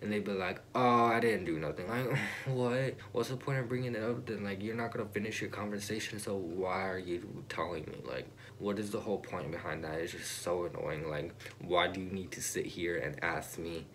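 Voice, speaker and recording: A man's voice: low-pitched, fairly even intonation, normal speed, few pauses, slight background noise. A teenage boy vlogging a casual rant to camera, exasperated and repetitive, leaning on "like" between phrases. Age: teens.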